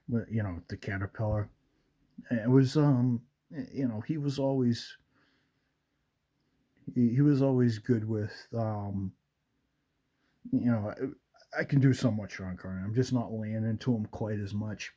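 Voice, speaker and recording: A man's voice: lowish voice, a little slow, pauses often, dark tone, lo-fi sound. A male radio show host chatting casually, rambling with fillers and retelling movie scenes. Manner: rambling, with many fillers and quoted movie lines.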